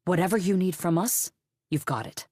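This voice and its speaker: A woman's voice: on the low side, normal speed, darkish tone, slightly rough, dry recording, clean studio sound. A woman voicing an earnest, wealthy father in an audiobook, insistent in manner.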